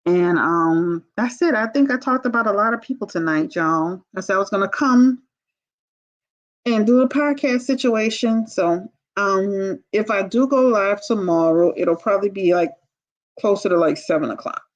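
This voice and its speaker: A woman's voice: mid-range voice, normal speed, lo-fi sound. A woman hosting a tarot livestream, talking to her viewers in a blunt, candid, casual way and calling them y'all. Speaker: tarot reader and livestream host.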